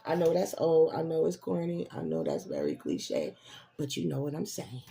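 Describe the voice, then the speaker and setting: Lively older woman doing tarot readings. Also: sits low, moderate pace, vocal fry. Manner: animated, preachy encouragement with laughs and slang. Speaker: tarot reader. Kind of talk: casual live tarot reading.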